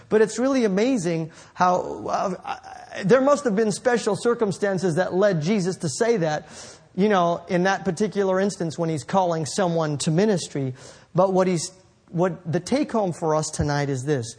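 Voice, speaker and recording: A man preaching a sermon, reading scripture slowly and then riffing conversationally, with sudden high, incredulous exclamations. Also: animated. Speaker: pastor.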